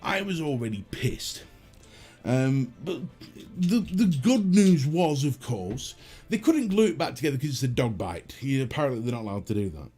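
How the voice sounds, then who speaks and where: British male streamer, lively swings in pitch, salty anecdotes, music faint behind. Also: normal speed, husky. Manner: profane, animated, self-mocking storyteller. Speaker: livestream host. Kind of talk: casual storytelling chat.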